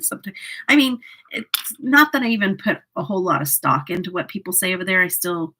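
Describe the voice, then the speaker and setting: Woman, husky voice, chatty livestream host doing her makeup and reading viewer comments aloud, laughs a lot. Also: on the low side, a little fast, bright, forceful tone, low-quality recording. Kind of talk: casual livestream chat while doing makeup.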